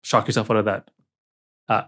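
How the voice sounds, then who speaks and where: A man's voice: on the low side, level tone, normal speed, fairly bright tone. A man co-hosting a podcast in casual chat, joking and often checking in with "right?". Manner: joking, affirming with frequent "right?". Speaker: podcast co-host.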